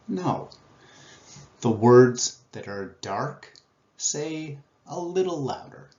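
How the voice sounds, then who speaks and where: A male English teacher speaks slowly and deliberately, stressing key words as he models a reading passage. His voice sits at a mid pitch. The sound is roomy and echoey, and a little dull. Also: expressive, darkish tone. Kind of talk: explaining a speaking test and reading model texts aloud.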